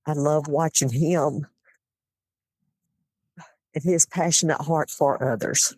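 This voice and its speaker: A woman speaking as a podcast guest in casual chat, soft and halting. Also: low-pitched, steady tone, dry recording. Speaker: guest, wife of the guest.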